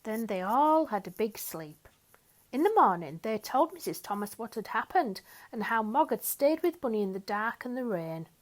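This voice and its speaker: A woman's voice: fairly high pitch, moderate pace. Woman reading a picture book aloud. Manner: expressive, sing-song storytelling. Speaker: storyteller.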